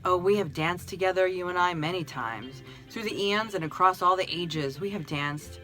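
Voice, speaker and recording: A woman voicing a kind, gentle friendly soul who speaks with calm, tender reassurance in a storybook reading. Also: on the low side, normal speed, soft background music, natural voice.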